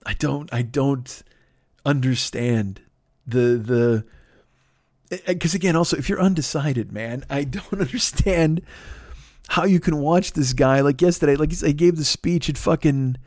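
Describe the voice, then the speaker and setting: A man's voice: a little high, a little slow, no echo, studio quality. A middle-aged man from the Midwest hosting a podcast, ranting casually with lots of swearing and stumbling restarts. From Chicago, USA. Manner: profane, animated, stumbling restarts. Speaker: podcast host.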